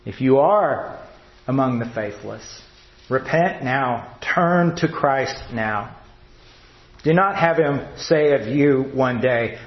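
Pastor, male, earnest measured preaching, unhurried delivery, room echo. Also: mid-range voice, lively intonation, lo-fi sound. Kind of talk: sermon.

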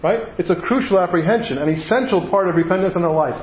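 An American pastor delivers a conversational sermon, frequently checking in with "right?". His high voice moves quickly, and the roomy, dull audio carries slight background noise.

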